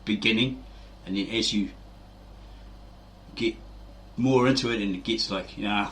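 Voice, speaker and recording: A man's voice: on the low side, steady tone, a little slow, pauses often, a bit bright, a little hiss or hum. A middle-aged man hosting a fitness video, telling rambling casual stories and acting out quoted voices, with frequent "right?" tags.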